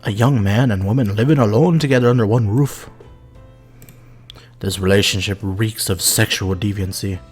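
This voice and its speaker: A prim, bossy schoolgirl chairwoman who lectures and scolds, as a man reads her in a game. The voice is low, with faint music underneath. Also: normal speed, darkish tone, slightly rough. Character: bossy older schoolgirl, morals committee chairwoman.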